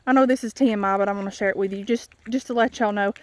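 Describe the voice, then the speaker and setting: A woman's voice: mid-range voice, steady tone, very fast, darkish tone, no echo. A woman chatting casually to her viewers while walking outdoors on a country road, out of breath and rambling in a confiding way. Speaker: vlogger.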